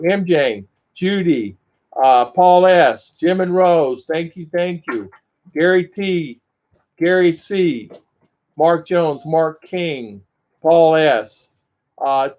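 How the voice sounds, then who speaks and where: A man's voice: on the high side, a little mellow. An older man, hosting a casual livestream chat and thanking viewers by name. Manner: chatty, rambling, lots of thank-yous and fillers. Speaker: livestream host.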